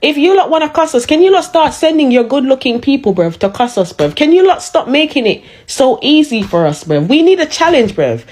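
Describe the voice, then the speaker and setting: A woman's voice: sits high, very animated, brisk, few pauses, a little mellow. A woman delivers a sarcastic, roasting rant into her phone in casual social-media style.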